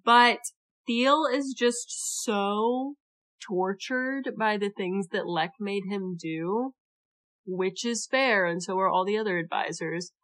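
Bright-voiced young woman podcast co-host. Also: mid-range voice, slow. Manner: chatty, playful, laughs mid-sentence. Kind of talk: casual chat.

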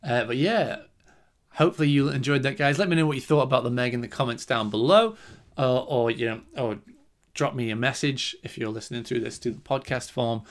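Young male podcast host, mid-pitch, loose and rambling, sweary, laughs a lot, casual film chat. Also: brisk. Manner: chatty and rambling, laughing often, swears freely, many fillers. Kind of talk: casual spoken film review.

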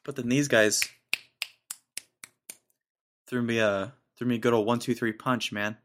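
A man's voice: mid-range voice, steady tone, unhurried, a bit bright. A young man in his twenties hosting a podcast, telling a rambling, jokey story in casual slang. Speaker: podcast host.

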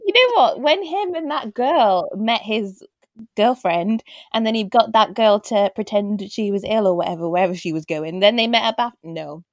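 A woman's voice: mid-range voice, normal speed, dry recording. Woman thinking aloud in chat. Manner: thinks aloud, corrects herself. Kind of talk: casual chat reviewing a TV show.

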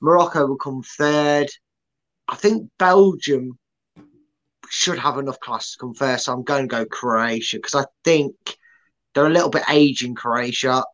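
A man's voice: mid-range voice, unhurried, a bit bright, muffled recording. A man co-hosting a casual football prediction chat, playful and rambling, with many restarts. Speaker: podcast co-host.

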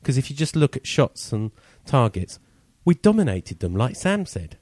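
A man's voice: mid-range voice, very animated, moderate pace, darkish tone, no room sound. A man hosting a casual football fan podcast, chatty and teasing as he steers the talk. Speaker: podcast host.

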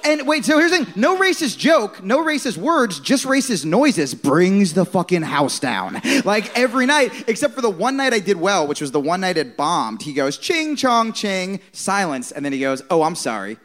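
A man's voice: high voice, very animated, normal speed, hardly any pauses, a bit bright. A comedian man telling a story on a live stage podcast, acting out the people he quotes. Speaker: comedian guest.

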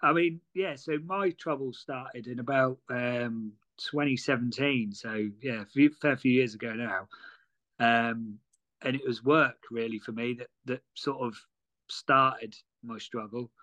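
Bright easygoing man as a guest. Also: medium pitch, unhurried, no room sound. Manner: easygoing, agreeable, laughs along. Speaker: podcast guest. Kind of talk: casual chat.

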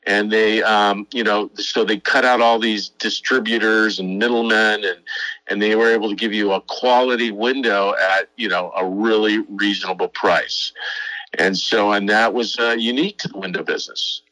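A middle-aged man, an advertising executive, telling stories in an interview in an animated way, acting out quotes. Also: lowish voice, moderate pace, no room sound, rough recording. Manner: animated, acts out quotes, frequent restarts. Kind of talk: casual interview storytelling.

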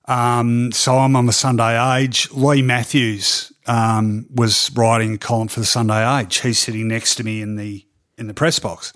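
A middle-aged sports journalist with an Australian accent, telling lively stories in an interview and laughing between them. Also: male voice, medium pitch, unhurried. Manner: lively anecdotal, with frequent ums and laughs. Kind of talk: animated storytelling in a podcast interview.

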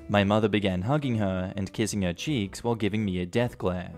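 A man reading an online story aloud as its narrator, steady and matter-of-fact. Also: fairly low pitch, normal speed, hardly any pauses, soft background music. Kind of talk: scripted narration of online stories.

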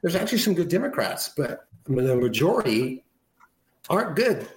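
A man's voice: fairly high pitch, sing-song, moderate pace, reverberant, slight background noise, low-quality recording. A man chatting on a talk show in a rambling, conversational way, often restarting his sentences.

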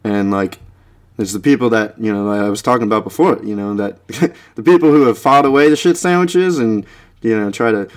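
A young man with a lowish voice talks through a podcast in a loose, rambling way, stacking fillers and laughing mid-sentence. Now and then he jumps into a high mocking voice to imitate people. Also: fairly quick. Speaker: podcast host. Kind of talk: rambling casual podcast chat.

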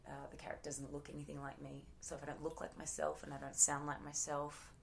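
Aussie actress in her 30s chatting in an interview, lots of ums and restarts, low gravelly voice. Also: monotone, quick pace, slight background noise. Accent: Australian. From Australia. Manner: chatty, many fillers and restarts. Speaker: actress guest. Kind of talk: casual interview chat.

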